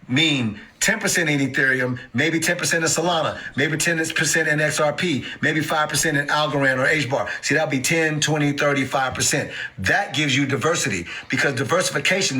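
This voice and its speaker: A man talking casually and emphatically as he explains investing, mimicking panicked investors in sudden high outbursts. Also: bright, forceful tone, low-quality recording. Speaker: crypto investing host. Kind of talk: animated instructional talk to camera.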